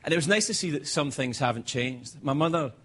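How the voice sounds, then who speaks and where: A Scottish man hosting a late-night show, telling self-mocking stories in a stand-up monologue. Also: a little fast. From Scotland. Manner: animated, self-mocking storytelling with sudden high-pitched bursts. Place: television studio with live audience.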